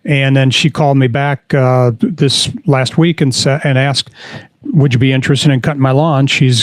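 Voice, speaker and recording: A man's voice: mid-range voice, no room sound. A man co-hosting a casual podcast, telling stories in an easygoing way with plenty of fillers. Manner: easygoing storyteller, reads posts aloud with fillers. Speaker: podcast co-host.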